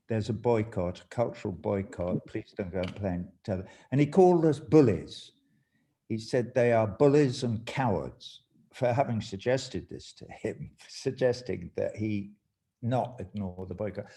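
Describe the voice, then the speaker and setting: An older man with an English accent on a video call, reading a short story aloud and chatting with lively, animated delivery. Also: mid-range voice. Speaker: guest musician.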